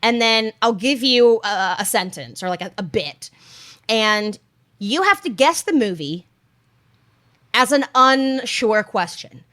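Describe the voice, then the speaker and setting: Woman, podcast co-host, casual chat, giggly, explains at length, animated. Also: on the high side, takes it slowly. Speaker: podcast co-host running a quiz game.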